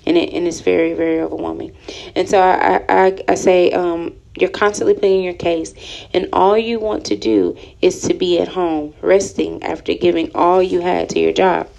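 Speaking softly and haltingly, full of ums, a Houston, Texas, woman in her thirties reads her own written story and adds remarks of her own. Her pitch is fairly low with mostly even intonation and vocal fry, and she seems near tears. The recording is rough.

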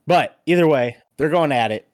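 A man hosting a podcast, telling a story in a casual, animated way with plenty of swearing. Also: a little high, normal speed, no echo, clean studio sound. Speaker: podcast host. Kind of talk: casual chat.

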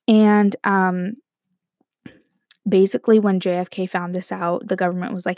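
A woman's voice: mid-range voice, normal speed, no room sound. Young woman rambling thru a crazy story, laughs a lot, dry close sound. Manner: animated, rambling, breaks into quoted voices and laughs. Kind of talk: casual storytelling to viewers.

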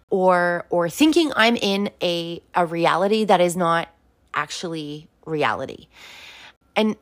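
A woman's voice: lowish voice, dry recording. A young woman venting bluntly to camera, swearing often and filling her talk with "like". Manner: blunt, profane, heavy use of "like". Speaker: vlogger talking about sobriety. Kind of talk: casual direct-to-camera rant.

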